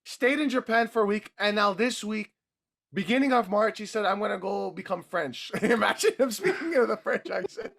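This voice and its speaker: A man's voice: high-pitched, lively intonation, normal speed, gravelly, fairly bright tone. A young man co-hosting a casual wrestling podcast, joking around and swearing freely. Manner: joking, swears freely, talks over others. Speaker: podcast co-host.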